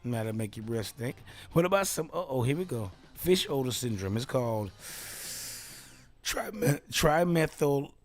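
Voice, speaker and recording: A male show host talking in a loose, self-amused way, with a lively pitch that jumps around. He tends to joke and laugh at his own lines while explaining things. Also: measured pace. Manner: playful, self-amused riffing. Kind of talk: casual solo talk show.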